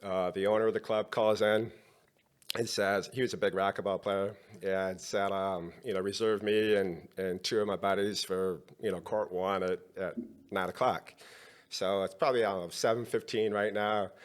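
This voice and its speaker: A man's voice: sits low, steady tone, normal speed. A middle-aged man, a podcast guest, telling a long personal story and acting out the dialogue of the people in it.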